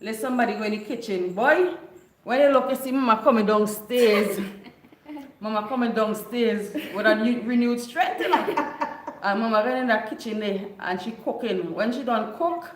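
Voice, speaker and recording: A woman's voice: a little high, moderate pace. Laughing woman telling stories. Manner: lively, laughing often, animated storytelling. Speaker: vlogger. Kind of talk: casual storytelling chat. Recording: echoey room.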